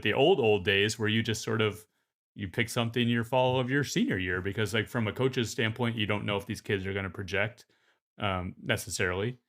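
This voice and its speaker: A man's voice: medium pitch, fairly bright tone. A man hosting a golf podcast, talking in a hesitant way with many fillers and restarts. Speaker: podcast host. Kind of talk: podcast conversation.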